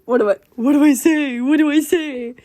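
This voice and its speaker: A woman's voice: lowish voice, very animated, normal speed, gravelly, dark tone, breathy edge, no echo, exaggerated voice. A woman voicing a nervous, awkward boy who stammers and panics around his crush. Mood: panicked.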